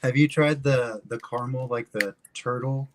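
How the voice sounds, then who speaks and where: A man's voice: mid-range voice, steady tone, moderate pace. Laid-back man from Texas, noisy line. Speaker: guest. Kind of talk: casual chat on a call.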